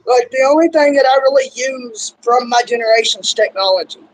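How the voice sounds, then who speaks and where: A man's voice: extremely high pitch, a little fast, rough recording. A young man from Kentucky with a Southern accent, hosting a casual interview and rambling loosely with lots of "like" and "y'all". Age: young adult. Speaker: interviewer, show host.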